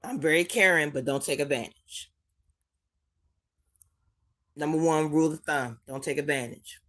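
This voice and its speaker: A woman's voice: deep voice, normal speed, a bit bright. A woman hosting a live chat, speaking tenderly and calling people sweetie and baby, holding back tears as she repeats herself. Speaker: livestream host reading chat.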